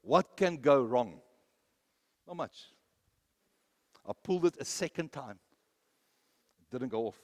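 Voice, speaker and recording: A man preaching a sermon, telling personal stories, rising to loud, emphatic peaks and then dropping low. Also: animated, takes it slowly, pauses often. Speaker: pastor.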